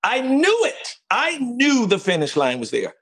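A man from North Carolina, a guest actor, telling his story in an animated, emphatic way and repeating phrases for stress. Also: extremely high pitch, measured pace. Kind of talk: excited storytelling interview.

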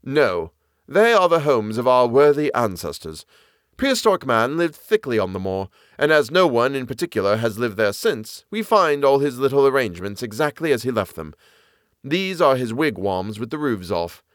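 A man voicing an eager, knowledgeable naturalist man who explains the moor with lively enthusiasm. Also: medium pitch, normal speed, no room sound, studio quality, natural voice. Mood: lecturing.

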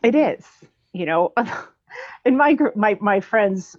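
A woman guest in a candid talk about grief, chatty and quick to laugh as she tells stories. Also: medium pitch, animated. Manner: chatty, laughs often while telling stories. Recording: dull lo-fi recording.

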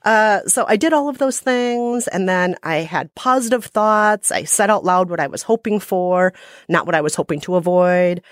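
A woman co-hosting a podcast, telling stories in an animated, self-mocking casual chat. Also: fairly low pitch, no echo, studio quality. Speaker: podcast co-host.

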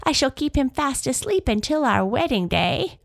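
A woman's voice: high voice, sing-song, normal speed, vocal fry, no room sound, voice pushed up, full character voice. A woman voicing a greedy, cackling villainess in a storybook reading. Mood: sniffy. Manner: cackling and sniffy.

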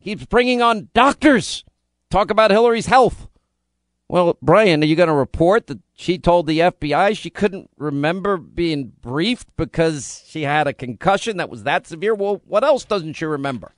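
A man's voice: a little high, animated, moderate pace, few pauses, no echo. A man hosting a talk radio show, delivering a combative, indignant monologue full of rhetorical questions into a studio microphone.

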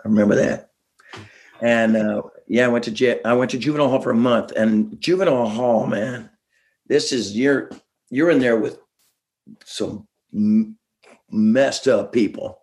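A middle-aged man chatting as a guest, animated and laughing, slipping into quick voices as he tells stories. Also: mid-range voice. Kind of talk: casual chat, storytelling.

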